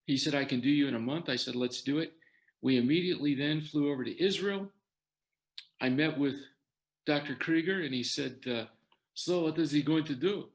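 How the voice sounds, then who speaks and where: A man's voice: on the high side, moderate pace. An older man telling his own story in a talk, quoting others' words as he goes. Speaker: guest sharing his story.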